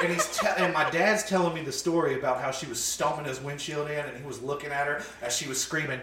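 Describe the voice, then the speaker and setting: Animated man telling stories in an echoey room. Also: on the high side, fast, few pauses. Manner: animated, profane, laughs while telling. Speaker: podcast guest telling family stories. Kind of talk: casual storytelling chat. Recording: roomy sound from a distant mic, faint noise.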